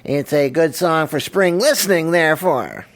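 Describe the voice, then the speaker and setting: A man's voice: a little high, normal speed, voice pushed up, natural voice. A man putting on a comedic impression of a male rock singer that keeps slipping into another voice. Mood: playful.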